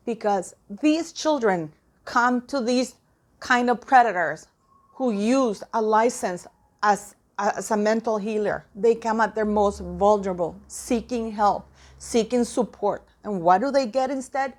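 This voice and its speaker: A woman's voice: fairly high pitch, a little slow. A woman giving impassioned, indignant commentary to her viewers, often repeating phrases for emphasis. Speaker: commentary vlogger.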